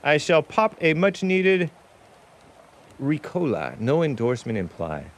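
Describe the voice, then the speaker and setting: A man's voice: a little high, wildly swooping pitch, measured pace, a little hiss or hum. A man hosting his own talk show, chatting casually in a rambling, musing way with offhand asides. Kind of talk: casual livestream monologue.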